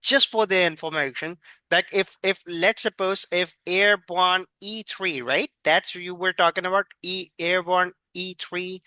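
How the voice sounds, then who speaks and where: A male interviewer with a high, bright voice, eager and deferential, who keeps nudging his guest to explain things. His sound is dry and close. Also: steady tone, measured pace, clear, resonant tone, dry recording. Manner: eager, many affirmations, polite "sir". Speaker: interview host. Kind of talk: interview questions.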